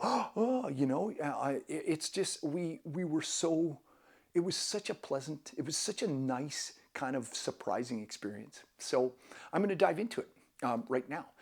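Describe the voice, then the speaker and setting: A man's voice: medium pitch, gravelly, husky. A man vlogging casual travel tips to camera, enthusiastic and rambling, with many restarts.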